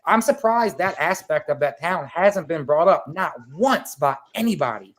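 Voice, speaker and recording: A man with a slightly higher voice, talking on a remote call and telling a story with lots of energy. He rambles, swears and piles on fillers as he goes. The call audio has that typical video-chat sound. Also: animated, normal speed, a bit bright. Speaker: guest. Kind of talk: casual podcast chat.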